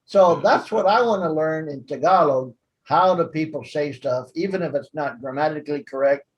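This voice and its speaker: Middle-aged American man, higher voice, chatty class host, jokey and rambling. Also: normal speed, dull audio. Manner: chatty, jokey, laughs at his own asides. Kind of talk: casual teaching chat.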